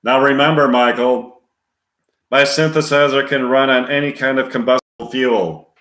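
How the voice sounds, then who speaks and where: A man putting on the mechanical, computer-like voice of a calm male talking car. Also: mid-range voice, moderate pace, reverberant, pitched above the performer's own voice, lightly acted. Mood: polite.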